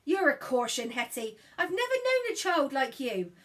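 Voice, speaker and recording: A woman doing a rough, loving mother. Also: sits high, big pitch swings, moderate pace, recorded from a distance. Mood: earnest.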